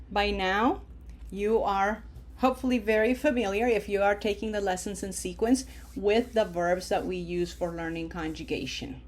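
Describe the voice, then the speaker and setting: A woman's voice: mid-range voice, darkish tone, slight background noise. A woman teaching a recorded language grammar lesson, explaining step by step and drawing out the model words carefully. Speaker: Spanish teacher.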